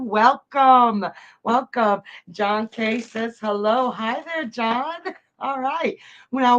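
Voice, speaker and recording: A woman, a psychic and astrologer hosting a live stream, chatty and upbeat as she greets viewers and reads out the chat. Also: on the high side. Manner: chatty and upbeat, laughing often. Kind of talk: casual livestream hosting, reading out chat. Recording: dull, lo-fi stream audio.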